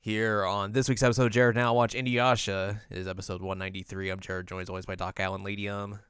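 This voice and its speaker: Smooth low-voiced man recapping anime. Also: little pitch movement, quick pace, fairly bright tone, no echo, studio quality. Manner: recaps with goofy quoted character voices and laughs. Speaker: podcast co-host. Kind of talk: casual anime recap chat.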